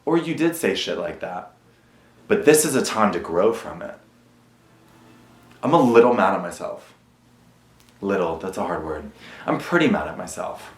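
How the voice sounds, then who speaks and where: A man's voice: deep voice, lively intonation, moderate pace, long pauses, echoey room. A man vlogging a candid confessional monologue to camera, earnest and self-critical, swearing often. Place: at home.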